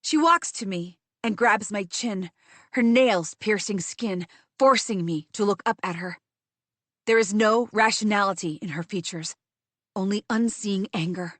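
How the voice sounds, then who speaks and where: Woman reading a first-person fantasy audiobook, slow careful pacing, tense delivery, close mic. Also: medium pitch, fairly bright tone, no echo. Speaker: audiobook narrator.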